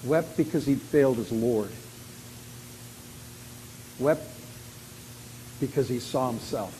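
A man preaching a sermon. He acts out quoted lines loudly and drops to a quiet voice when he reflects. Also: medium pitch, takes it slowly, pauses often. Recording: long hall reverb with faint hiss.

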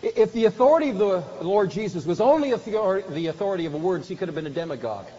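A man's voice: sits high, lively intonation, fast, dark tone. A man preaching a sermon with earnest, emphatic delivery that swells at key points. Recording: dull recording with faint hiss.

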